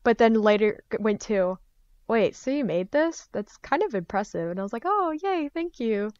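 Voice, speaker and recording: A young woman chats casually on a podcast and tells her stories with animated energy. She slips into voices for the people in her tales. Her audio is dry and a little dull, like an ordinary home mic. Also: mid-range voice, moderate pace, smooth, dry recording. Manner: lively storyteller, acts out her parents' voices. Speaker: guest, artist and fursuit maker.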